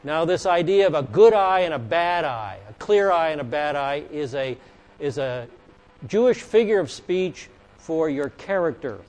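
A man's voice: a little high, animated, moderate pace, a little mellow. A man teaching a Bible lesson in a conversational way, reading scripture aloud with emphasis and questioning and joking with his listeners. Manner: asks the audience questions and jokes with listeners.

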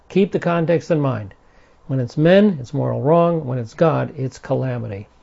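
Male Bible teacher, slightly high voice, explanatory, repeats key points, muffled lo-fi recording. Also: gravelly, warm tone. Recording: dull lo-fi recording.

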